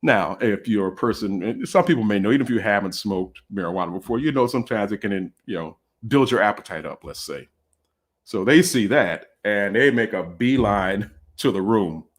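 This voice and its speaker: A man telling a comic personal story in a casual, animated way, full of fillers, over a video call. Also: fairly low pitch.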